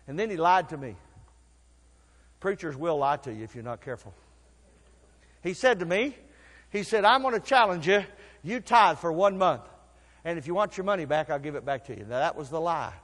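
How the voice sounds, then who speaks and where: An older pastor preaches with a high voice, telling folksy stories in low asides before rising to shouted calls. His words ring out with a long reverb, as in a church sanctuary. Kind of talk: sermon.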